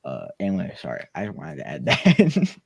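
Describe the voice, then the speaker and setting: A man's voice: sits low, wildly swooping pitch, normal speed, gravelly, husky. Rambling laughing man on a home mic. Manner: rambling, laughs often, stumbles on words. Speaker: podcast guest. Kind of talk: casual chat. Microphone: home computer mic with soundboard.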